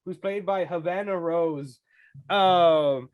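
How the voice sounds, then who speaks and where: A man co-hosting a casual horror film review, excitable and profane, laughing often. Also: high-pitched, takes it slowly, no room sound, dull audio. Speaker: podcast co-host.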